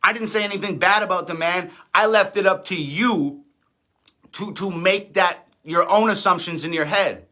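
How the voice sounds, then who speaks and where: On his livestream, a thirtysomething independent rapper rants with defiance and sarcasm, cursing frequently. His high-pitched voice is bright and forceful, moving at normal speed.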